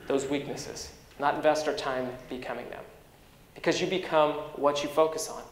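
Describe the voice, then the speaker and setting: A man giving a motivational keynote speech, an energetic storyteller who swings in pitch and loudness. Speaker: keynote speaker. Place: large conference hall. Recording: echoey conference hall with long reverb.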